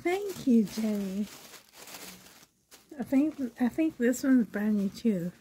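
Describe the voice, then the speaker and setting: This reborn doll vlogger from Canada speaks slowly and expressively in a mid-range, dark-toned voice that sounds sore and a little strained. She chats casually to the camera while unboxing gifts, gushing over each one, over a little hiss or hum.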